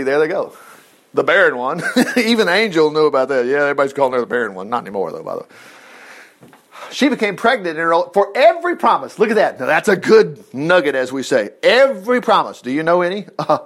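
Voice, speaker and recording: A man preaching a folksy sermon, acting out the Bible characters as he reads. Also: fairly high pitch.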